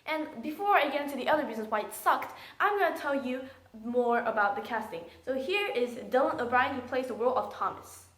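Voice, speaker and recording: A woman's voice: high-pitched, animated, a little fast, fairly bright tone, roomy sound, poor audio. A woman giving a casual, blunt and sarcastic spoken movie review.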